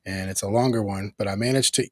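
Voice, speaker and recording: A man's voice: fairly low pitch, steady tone, quick pace, darkish tone, dry recording. A man hosting a casual live review stream, easygoing, laughing often and acting out characters' lines as he recaps. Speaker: host reviewing a cartoon episode.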